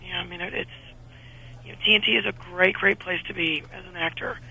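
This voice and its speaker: A woman in her thirties talks as a radio guest, animated and quick to restart her sentences. Her voice is husky and very bright, with a little gravel and a high pitch. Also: poor audio. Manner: chatty, animated, frequent restarts. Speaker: actress guest. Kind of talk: casual radio interview chat.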